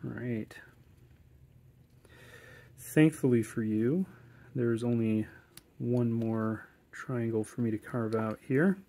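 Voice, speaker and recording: A man's voice: medium pitch, takes it slowly, pauses often. Male woodcarving instructor, casual and chatty, medium voice, home tutorial. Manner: relaxed, chatty, corny jokes, many fillers.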